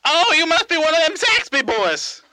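A man voicing a goofy young Italian-Canadian Zamboni driver in a high, sing-song put-on voice. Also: very animated, moderate pace, sharp tone, no echo, heavily acted.

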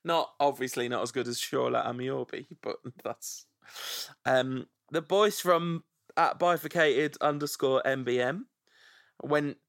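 Gravelly-voiced man hosting a casual chat. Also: mid-range voice, a little slow, a bit bright, no echo, studio quality. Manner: playful, relishes saying names aloud. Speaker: podcast host.

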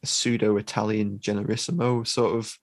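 A man's voice: fairly low pitch, flat delivery, no echo. A British man co-hosting a film podcast, chatting casually with lots of restarts and ums. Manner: halting, many restarts and ums. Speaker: podcast co-host.

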